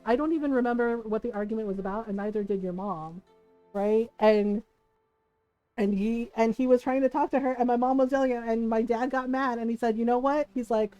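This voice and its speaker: High-voiced, animated woman streamer. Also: dry recording, low-quality recording. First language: Tagalog. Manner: animated, laughs often, swears freely. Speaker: livestream host. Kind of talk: casual storytelling on a livestream.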